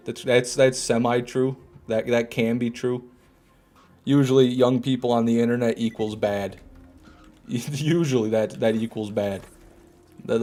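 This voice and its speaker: A man casually chatting and joking with his chat while he streams a game. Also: mid-range voice. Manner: relaxed, joking, repeats himself. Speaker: gaming streamer. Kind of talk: casual live commentary reading chat.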